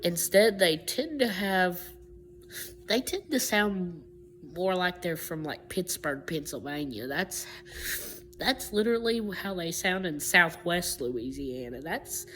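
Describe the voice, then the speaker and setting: A woman's voice: fairly low pitch, animated, slow, a bit bright, slight background noise. A woman talking unscripted in a video, rambling through her points with frequent restarts and self-corrections. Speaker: vlogger explaining accents. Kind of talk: unscripted explainer talk.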